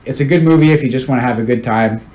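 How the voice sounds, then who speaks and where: A man's voice: medium pitch, racing. A man, co-hosting a casual podcast, swearing a lot and gushing emphatically. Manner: excitable, heavy swearing, emphatic. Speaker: podcast co-host. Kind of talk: casual, profane chat among friends. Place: small podcast studio. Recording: echoey studio room with faint noise.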